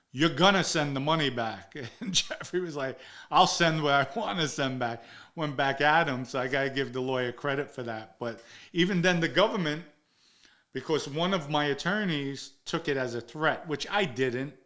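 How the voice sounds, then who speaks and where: A man of middle pitch tells a story in the first person, blunt and full of swearing. He acts out confrontations with a rising voice, then drops low and quiet over the painful parts. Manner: vivid and blunt, swearing, reenacting heated exchanges; sinks into a low, subdued tone when recounting emotional moments. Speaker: interview guest recounting his past.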